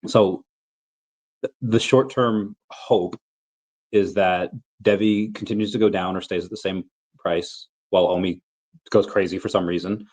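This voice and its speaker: A man's voice: deep voice, steady tone, measured pace, darkish tone, highs cut off. A man in his thirties with the flu, coughing now and then, hosting a casual livestream Q&A and rambling through his thoughts with many restarts. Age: 30s. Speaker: crypto livestream host.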